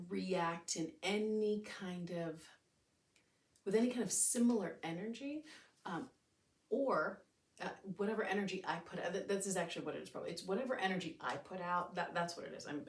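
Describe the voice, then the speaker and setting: Lowish-voiced woman rambling candidly, bit far off the mic, roomy echo, faint hiss. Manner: candid, rambling, swears casually. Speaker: podcast host. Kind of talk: casual solo podcast talk.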